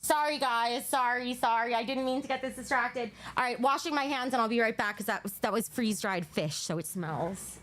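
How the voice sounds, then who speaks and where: A woman with a high voice talks casually to her livestream audience from home. She chats along, reads out donations and talks to her cats. At times she is out of breath from exercising. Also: brisk, hardly any pauses, a bit bright, a little hiss or hum. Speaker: livestream host.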